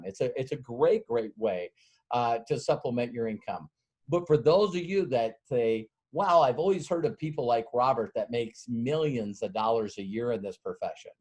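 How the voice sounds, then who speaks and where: A man's voice: medium pitch, a little mellow. A middle-aged man leading a sales training session in a loose, folksy way. He rambles through a long story and acts out the dialogue as he goes, laughing often along the way.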